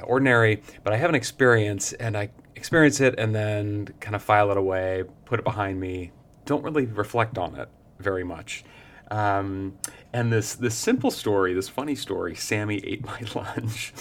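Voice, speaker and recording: A man, hosting a reflective spiritual podcast and telling a story in a gentle, chatty way with fillers and soft laughs. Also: on the low side. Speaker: podcast host.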